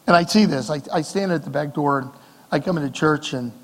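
A middle-aged male pastor preaching a sermon in a church, talking conversationally with rhetorical questions and swings between soft and emphatic delivery. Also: a little high, brisk, long reverb tail. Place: church sanctuary.

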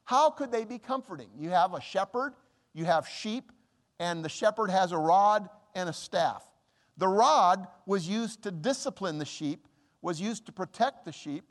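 A man preaching a sermon as a pastor, earnest and pleading, slowing down to stress scripture verses. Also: high voice, lively intonation, long reverb tail.

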